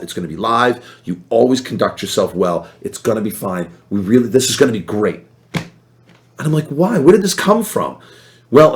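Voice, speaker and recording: A man spins a story in relaxed podcast chat, his pitch leaping around as he acts out the people he quotes. He talks in an animated, lively way. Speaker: podcast guest. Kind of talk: casual storytelling.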